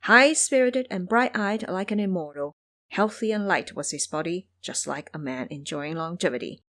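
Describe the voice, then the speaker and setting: A woman narrates an audio drama with expressive, story-told delivery. Her voice sits on the low side and moves widely in pitch. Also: normal speed.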